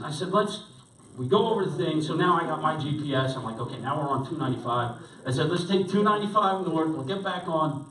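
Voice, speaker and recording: A middle-aged man preaches from the pulpit, acting out a personal story in an animated, rambling way. His voice sits fairly high. The sound reaches the mic from some distance and echoes around a roomy space. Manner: animated, rambling anecdote with restarts. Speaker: pastor.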